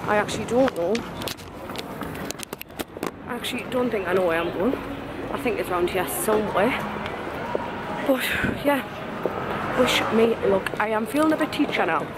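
A woman's voice: mid-range voice, expressive, moderate pace, pauses often. A young woman with a Geordie accent from Newcastle chatting candidly in a get-ready-with-me vlog, ranting and swearing freely. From Newcastle, England. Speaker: vlogger. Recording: echoey, distant, noisy.

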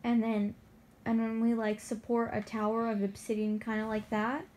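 A woman's voice: a little high, flat delivery, normal speed, a little mellow, slight background noise. A woman co-hosting a gaming video, chatting in a playful, teasing way as she plays. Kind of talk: casual gameplay chat.

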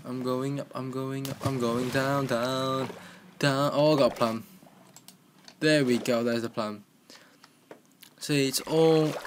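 A young man giving joking, excitable commentary while playing a game, with keyboard clicks in the background. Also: medium pitch, noisy background. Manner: excitable, joking self-talk. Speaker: gaming commentator. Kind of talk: casual gameplay commentary. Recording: home recording with keyboard clicking.

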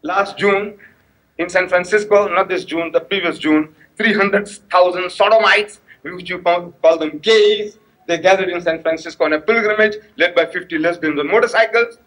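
A man giving a religious lecture at a mosque. He tells stories and acts out dialogue, breaking into sharp, emphatic outbursts. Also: high-pitched, normal speed, low-quality recording. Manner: animated storytelling with sharp rising outbursts.

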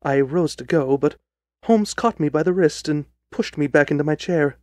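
A man giving scripted narration of a period story in a measured storytelling manner. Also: fairly high pitch, darkish tone, dry recording.

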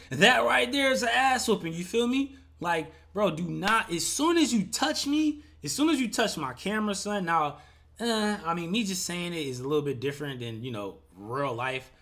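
Animated young man ranting casually. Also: fairly high pitch, moderate pace. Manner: animated, profane, opinionated rambling. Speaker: reaction video host. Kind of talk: casual reaction commentary.

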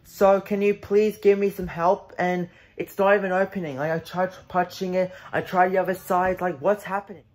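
A man's voice: high voice, fairly even intonation, moderate pace, hardly any pauses. A young man playing a confused driver in a comedy skit, flustered and whiny, stammering as he talks.

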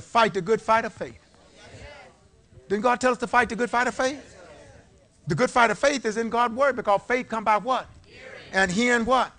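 High bright-voiced preacher man. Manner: call-and-response preaching, swinging between low talk and shouted peaks. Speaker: pastor. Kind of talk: sermon. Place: church sanctuary before a congregation. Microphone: live-streamed service mic.

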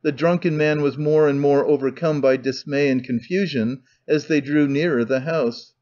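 A male audiobook narrator reads in steady, measured scripted narration. His voice sits slightly high, and the recording is dull and lo-fi. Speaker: audiobook reader.

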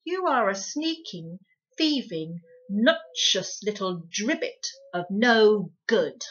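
A spiteful middle-aged housekeeper from a storybook, as a woman reader puts her on. She scolds in a loud, sharp, bright voice, hurling insult after insult. The recording sounds dull and lo-fi. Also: medium pitch, lively intonation, a little slow. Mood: menacing. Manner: harsh, loud, spitting insults.

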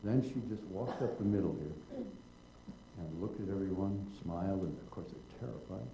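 A man's voice: deep voice, moderate pace, gravelly, dark tone, slight background noise. An older man, a guest in a public conversation, telling long wry anecdotes and acting out the people in them. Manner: wry, digressive storyteller who acts out quotes. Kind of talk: anecdotal storytelling on stage. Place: auditorium at a public event. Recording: roomy hall echo.

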